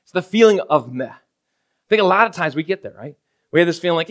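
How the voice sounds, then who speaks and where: A man's voice: fairly high pitch, expressive, quick pace, fairly bright tone. A man preaching a conversational sermon as a pastor, often checking in with "right?" and acting out everyday scenes. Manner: casual, keeps asking "right?" of the congregation; acts out everyday scenes in quoted voices.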